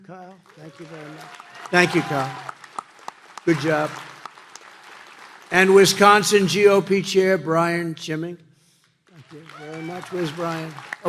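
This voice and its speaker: A man giving a rally speech, emphatic and repetitive, jumping from loud bursts to low asides, speaking into a podium microphone. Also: fairly even intonation, unhurried, pauses often, some chatter behind, a little hiss or hum. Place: campaign rally before a crowd.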